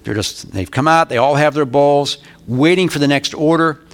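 An older pastor delivers a verse-by-verse Bible teaching sermon, slowly reading scripture aloud and turning to the congregation with conversational asides. His voice sits fairly high.

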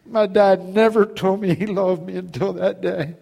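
A man's voice: high-pitched, fairly even intonation, normal speed, vocal fry, warm tone, slightly rough. A middle-aged man preaching a testimony sermon, telling his story with acted-out dialogue and frequent laughs.

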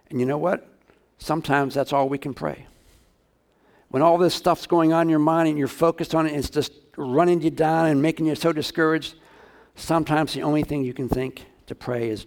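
A man's voice: a little high, fairly quick. A male pastor preaching a sermon, talking casually and asking his congregation questions.

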